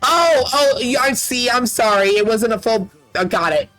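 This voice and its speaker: A let's play streamer from Canada, chatting casually with viewers over gameplay, excitable and quick to laugh with loud playful outbursts. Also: medium pitch, soft background music, rough recording.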